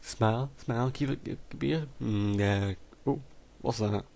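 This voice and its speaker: A man's voice: fairly low pitch, measured pace, vocal fry, mellow. A man sits at his computer with a headset mic, narrating his gameplay in a casual, chatty way. He gets exasperated, swears mildly and talks straight to the characters on screen. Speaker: gamer doing a let's play.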